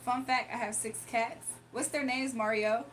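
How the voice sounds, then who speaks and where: A woman's voice: fairly high pitch, steady tone, moderate pace, a bit bright, distant mic, slight background noise. A young woman hosting a casual livestream, chatting, laughing often and reading viewers' comments aloud. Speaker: livestream host doing readings.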